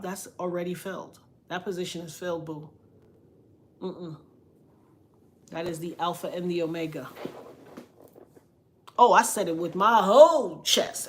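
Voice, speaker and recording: A woman's voice: on the low side, a little hiss or hum. A middle-aged woman talking casually on her vlog, emphatic and preachy, often dropping into quoted voices. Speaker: vlogger.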